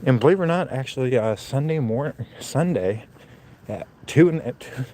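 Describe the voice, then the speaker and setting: Out walking on a windy, snowy night, this Central Florida vlogger streams live from a handheld phone, chatting casually and ramblingly to viewers as the cold gets to him. He speaks at a normal speed with a medium, animated pitch and a dark tone.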